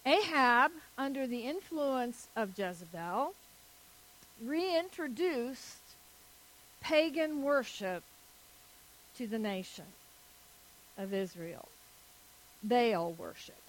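A woman preaching a sermon, telling a story slowly and deliberately. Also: a little high, lively intonation, a bit bright, low-quality recording.

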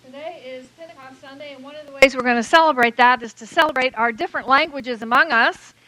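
Bright high woman leading worship. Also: fast talker, a little hiss or hum. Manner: clear, instructive, guiding the congregation. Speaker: worship leader. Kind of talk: leading a church service. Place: church sanctuary.

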